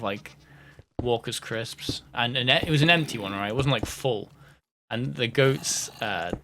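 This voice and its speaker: A man's voice: medium pitch, gravelly, background noise. A man from the UK rambling through casual gameplay commentary, jokey and self-mocking, sometimes sinking to a whisper. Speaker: gaming host.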